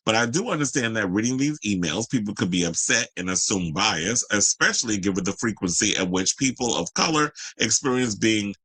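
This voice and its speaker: A man's voice: expressive, brisk, few pauses, bright, forceful tone, husky, no echo, poor audio. A man hosting a celebrity gossip podcast, reading the news and then breaking into brash, profane, sassy rants. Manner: brash, profane and sassy, jumping to high exclamations. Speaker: podcast host. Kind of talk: unscripted celebrity gossip commentary.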